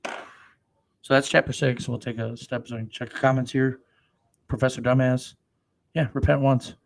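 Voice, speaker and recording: A man preaching, who reads scripture slowly and solemnly, then breaks into crude, swearing commentary with loud outbursts. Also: mid-range voice, level tone, vocal fry. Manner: profane, swings between slow solemn reading and loud outbursts.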